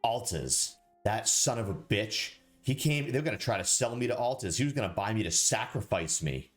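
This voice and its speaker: A rattled gnome just freed from a cage, stammering and agitated, as a game master voices him. The voice sits very low in pitch. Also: male voice, animated, normal speed, soft background music, natural voice. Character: rescued male gnome prisoner, shaken and angry.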